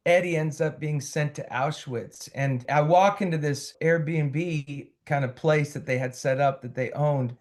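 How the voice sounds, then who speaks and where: A singer-songwriter man telling a long, animated story in a conversational podcast interview. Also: a little high. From United States. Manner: animated storyteller, quoting others in his own voice.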